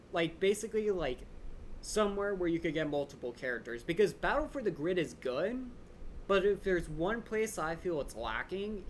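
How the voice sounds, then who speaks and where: A young man hosting a live Q&A stream, rambling quickly and eagerly with lots of fillers, his voice a little drained. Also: fairly high pitch, slight background noise. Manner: fast, excited fan rambling with many "like" fillers. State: voice a bit drained. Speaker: channel host answering viewer questions.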